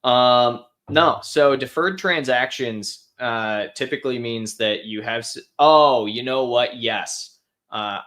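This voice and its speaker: A man's voice: medium pitch, fairly bright tone. A young man hosting a live question-and-answer stream, talking offhand with lots of fillers and restarts. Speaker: host answering viewer questions. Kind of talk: casual live Q&A.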